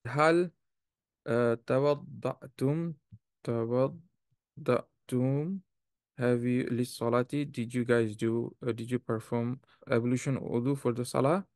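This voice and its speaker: Male teacher, gravelly and dry, explains grammar patiently and quizzes students. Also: medium pitch, level tone, fairly quick, a little mellow, dry recording. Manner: patient, explanatory, asks the class questions. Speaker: Arabic teacher. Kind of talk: classroom lesson explaining grammar.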